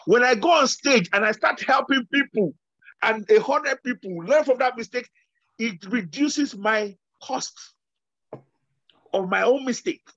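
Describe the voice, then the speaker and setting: A man's voice: very high voice, unhurried, dry recording, dull audio. A man co-hosting a podcast, telling stories in a casual motivational chat and laughing easily. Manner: animated storytelling, laughs easily. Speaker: podcast co-host.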